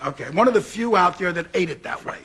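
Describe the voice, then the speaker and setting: High, bright-voiced New man spinning a yarn. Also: fast talker, breathy edge. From New York. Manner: animated, repeats for laughs. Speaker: talk show guest. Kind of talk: comic anecdote. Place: TV studio with audience.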